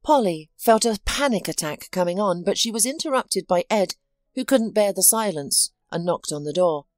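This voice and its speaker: A woman narrates a dramatic story in a lively, widely moving voice. The delivery is scripted and expressive, recorded dry and close with faint music behind her. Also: mid-range voice, normal speed, no room sound.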